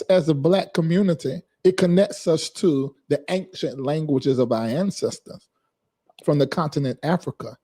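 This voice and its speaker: Male live-stream host, casual and chatty, medium pitch, addresses chat viewers and repeats words for them to copy. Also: warm tone. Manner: chatty, repeats and drills a word's pronunciation; talks to chat viewers by name.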